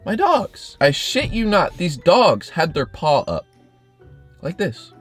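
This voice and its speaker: A young man, a YouTuber, telling a story in a casual storytime vlog, animated and profane, with his pitch jumping up and down. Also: slow pace, slightly rough, faint music behind.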